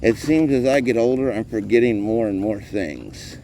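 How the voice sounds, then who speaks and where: A man's voice: fairly low pitch, normal speed, mellow, slight background noise. A man chatting casually and rambling as he films street cats outdoors on a handheld phone, a bit out of breath. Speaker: vlogger caring for street cats. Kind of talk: casual vlog narration.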